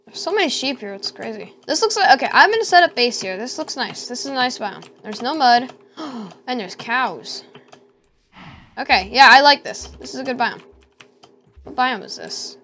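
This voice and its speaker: A woman's voice: a little high, sing-song, normal speed, sharp tone. A woman giving casual let's-play commentary, talking to herself and squealing at danger. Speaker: gamer.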